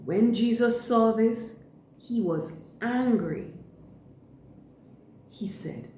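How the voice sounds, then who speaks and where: A woman leading a church school lesson for children, speaking slowly and deliberately in simple words. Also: on the high side, warm tone, reverberant, a little hiss or hum.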